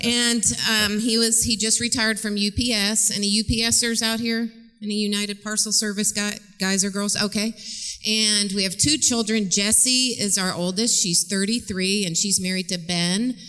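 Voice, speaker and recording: A woman's voice: mid-range voice, steady tone, moderate pace, sharp tone, clear, resonant tone. A woman in her fifties from upstate New York, a counselor chatting and joking as a guest in a church interview. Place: large church sanctuary. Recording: long church reverb.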